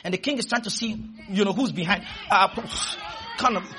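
Male preacher, very high and bright husky voice, shouts and draws out words, leads call-and-response. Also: fast talker, some chatter behind, a little hiss or hum. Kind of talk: sermon.

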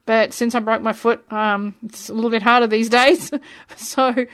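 A woman's voice: fairly high pitch, steady tone, normal speed, a bit bright, no room sound, studio quality. A woman in her forties, from Australia, hosting her own radio music show from a room at home in a chatty, playful, self-deprecating way. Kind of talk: casual radio presenting.

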